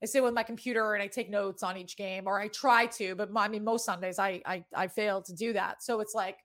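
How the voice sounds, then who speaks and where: A woman's voice: medium pitch, fairly even intonation, fairly quick, a bit bright. Chatty Boston-accented woman host. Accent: Boston with a New York tinge. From New England. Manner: rambling, chatty, casually profane. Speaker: sports betting show host. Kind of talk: casual sports chat.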